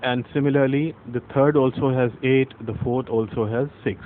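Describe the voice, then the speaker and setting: A man's voice: medium pitch, fairly even intonation. A man, teaching literature in a patient, explanatory lecture style and repeating points as he goes. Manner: patient, repeats points and reads verse slowly with stressed syllables. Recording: phone-like audio with faint traffic noise.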